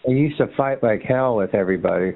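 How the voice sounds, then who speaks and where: A man's voice: quick pace, gravelly, a loud crowd. Taunting man on a tinny phone line. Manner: taunting, mocking, swinging into a shrill sneer. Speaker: chat line caller. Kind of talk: heated phone argument.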